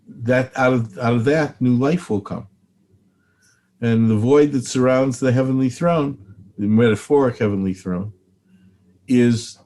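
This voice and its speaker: An older man talks as a rabbi and spiritual teacher in an interview. His delivery is earnest and preacherly, and he repeats his key phrases to drive them home. His voice sits at an ordinary pitch for a man. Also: warm tone.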